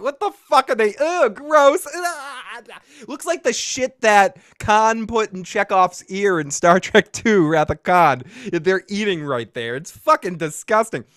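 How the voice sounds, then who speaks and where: A man's voice: a little high, fairly bright tone, dry recording, clean studio sound. Jokey man hosting a casual recap show. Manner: jokey, crude, laughs at his own jokes. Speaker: podcast host.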